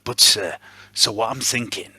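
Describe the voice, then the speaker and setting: A man playing a calculating prisoner who plots an escape with his brother, speaking in a Yorkshire accent with a hushed, breathy delivery. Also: mid-range voice, unhurried, dry recording, heavily acted. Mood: scheming. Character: scheming male prisoner, calculating older brother. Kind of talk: tabletop role-play in character.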